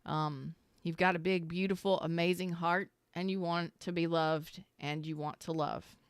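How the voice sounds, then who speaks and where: A woman with a fairly low voice gives a casual tarot reading, speaking earnestly and emotionally as she addresses the listener head-on. Her voice is exceptionally clear and smooth, and the recording is dry and close, with no room sound. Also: steady tone, unhurried, no echo. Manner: emotional, earnest, talks straight to the listener with frequent sighs and repeats; informal, swears now and then. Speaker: tarot reader.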